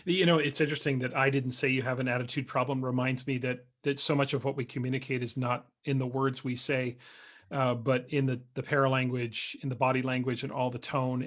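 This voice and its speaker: A man's voice: mid-range voice, fairly bright tone. A man hosting a podcast interview, reflective and affirming as he talks. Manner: reflective, frequent affirming backchannels. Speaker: podcast host. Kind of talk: conversational interview.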